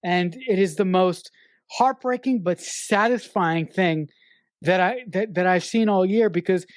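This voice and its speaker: Low-voiced woman, dry close sound. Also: a little slow, no room sound. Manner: emphatic, swears, speaks frankly about personal matters. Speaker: podcast co-host. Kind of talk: casual film review chat.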